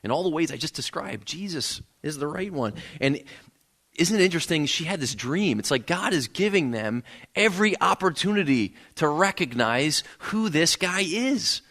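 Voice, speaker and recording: Guy preaching in church, kinda high voice, earnest, repeats himself building up. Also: animated, normal speed, a bit bright. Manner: earnest, repeats words when building a point. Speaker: pastor. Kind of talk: sermon. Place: church sanctuary.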